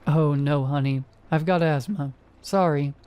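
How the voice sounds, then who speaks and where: A man voicing a middle-aged woman neighbor who talks in a flat, matter-of-fact way in a horror story reading. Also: a little high, measured pace, clean tone, close to an everyday voice.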